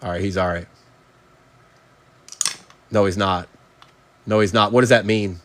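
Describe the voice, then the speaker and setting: A man's voice: fairly low pitch, steady tone, unhurried, a little hiss or hum. A man hosting a live sports card break, reading out player names and chatting with viewers.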